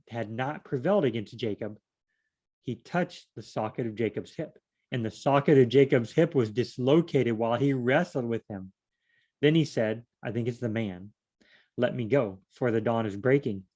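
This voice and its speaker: A man with a middle-range voice works through scripture on his own. He reads a passage aloud, then stops to puzzle over it in a relaxed, conversational way. The tone is an informal solo study rather than a sermon. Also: medium pitch, moderate pace. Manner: reads verses aloud then muses and questions them conversationally. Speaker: Bible study teacher. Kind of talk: casual Bible study reading and commentary.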